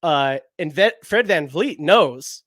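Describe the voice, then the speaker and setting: A man's voice: a little high, animated, takes it slowly, a bit bright, dry recording, studio quality. A young man co-hosting a casual basketball chat, rambling with lots of "like" fillers. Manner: rambling, heavy use of "like" fillers. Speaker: basketball podcast co-host.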